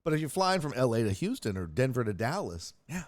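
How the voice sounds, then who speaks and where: A man's voice: medium pitch, very animated, a little fast, no echo. A man hosting a casual streamed sports talk show, joking profanely and reacting to chat messages. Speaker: host.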